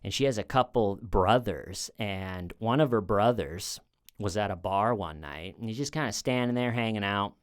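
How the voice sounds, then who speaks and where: Smooth low-voiced man telling stories. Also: moderate pace. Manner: rambling, with many restarts, acting out quoted people. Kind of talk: casual true-crime storytelling.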